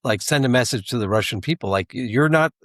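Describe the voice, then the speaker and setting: A man's voice: on the low side, quick pace, a bit bright, no room sound. Rambling male podcast co-host. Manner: rambling, with restarts and asides. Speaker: podcast co-host, intelligence analyst. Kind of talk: casual podcast chat.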